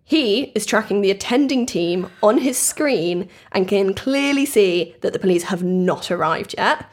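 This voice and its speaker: A woman's voice: mid-range voice, expressive, measured pace. A woman hosting a true crime podcast, chatting casually and telling the story with acted-out quotes. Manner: chatty, laughs often, acts out quotes.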